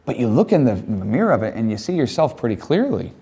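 A man's voice: mid-range voice, big pitch swings, quick pace, mellow, breathy edge. A man giving a conversational chapel talk to students, casual, with joking asides and acted-out quotes. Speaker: campus chapel speaker.

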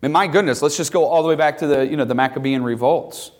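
A man's voice: quick pace, darkish tone. A man teaching a classroom Bible lesson, talking emphatically and reading scripture aloud in a raised voice. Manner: emphatic, reads scripture aloud with rising pitch.

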